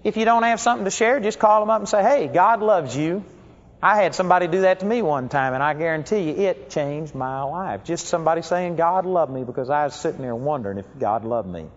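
A man preaching a sermon, telling stories earnestly and slowing down to stress key phrases. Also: a little high. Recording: dull audio with long hall reverb.

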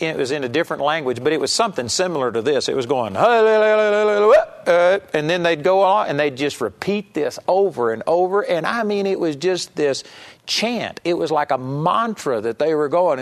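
A man with a Texan accent giving an earnest, folksy sermon as a Bible teacher. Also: fairly high pitch. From Texas. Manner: folksy and earnest, acts out mock prayers. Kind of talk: conversational sermon.

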